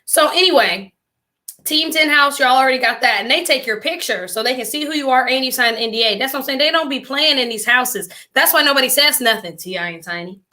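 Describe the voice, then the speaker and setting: A woman's voice: high voice, fairly quick. A woman hosting a reaction commentary, chatty and slangy, talking straight to her viewers. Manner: chatty, animated, addresses viewers directly; slangy casual speech. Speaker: commentary host.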